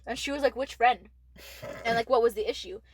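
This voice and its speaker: A woman's voice: on the high side, racing, slight background noise. A teenage woman co-hosting a podcast, telling a candid story full of "like" fillers and swearing. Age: teens. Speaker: podcast co-host. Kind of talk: casual storytelling chat.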